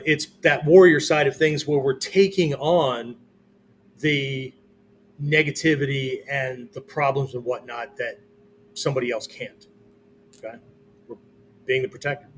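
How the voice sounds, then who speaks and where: A man's voice: mid-range voice, a little hiss or hum. Man teaching, always asking "okay? right?". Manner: checks in constantly with "okay?" and "right?"; loose, conversational explaining with fillers. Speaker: martial arts instructor. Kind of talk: whiteboard teaching talk.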